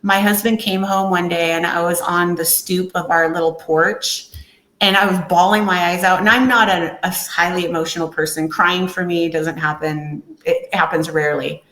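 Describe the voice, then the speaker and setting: A woman's voice: fairly low pitch, moderate pace. Woman telling her story in an echoey room. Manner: candid, animated storytelling with acted quotes. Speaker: podcast guest. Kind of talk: casual interview talk.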